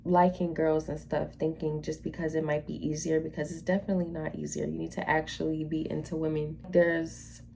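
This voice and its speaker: A woman's voice: low-pitched, little pitch movement, fairly quick, creaky, hardly any pauses, a little mellow, a little hiss or hum. A woman hosting a reaction video, giving blunt, opinionated, slangy commentary on dating stories.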